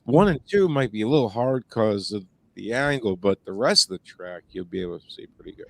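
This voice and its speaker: A man's voice: fairly low pitch, lively intonation, brisk, gravelly, fairly bright tone, dry recording. A man co-hosting a podcast in casual chat, telling stories in a rambling way with many fillers and restarts. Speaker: podcast co-host.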